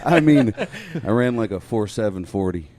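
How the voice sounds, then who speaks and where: Man, low voice, podcast co-host, laid-back, dry humor. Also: lively intonation, moderate pace, a little mellow. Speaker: podcast co-host, singer-songwriter. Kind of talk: casual chat.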